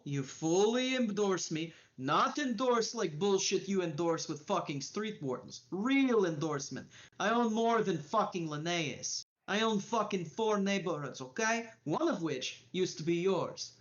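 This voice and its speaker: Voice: mid-range voice, animated, unhurried, hardly any pauses, highs cut off, voice pushed up, close to an everyday voice. The game master voicing a menacing crime boss who speaks broken English and drops small words.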